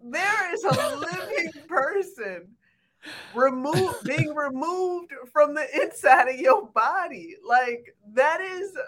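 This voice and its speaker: A woman co-hosting a casual chat, emphatic and outspoken, with slow, drawn-out delivery. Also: sits high, a bit bright.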